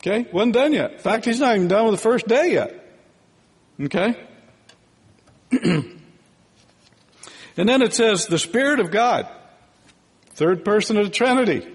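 A man teaching a sermon in a relaxed, conversational way, often checking in with "right?" and "okay?". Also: sits high, measured pace, long pauses, husky, big-room sound.

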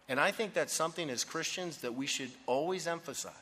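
A man preaching a sermon in a forceful, bright voice that rings through a large hall with a long reverb. He drives his points home with emphasis and keeps asking the congregation to finish his phrases. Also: fairly high pitch, animated, fairly quick, few pauses, husky. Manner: emphatic, asks the congregation to fill in words.

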